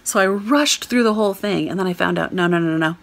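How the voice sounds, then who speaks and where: An American woman recounts a trip as a lively, self-mocking storyteller. Her voice has a gravelly, creaky edge. She laughs often as she talks. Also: fairly low pitch, quick pace. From United States. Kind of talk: storytelling on community radio.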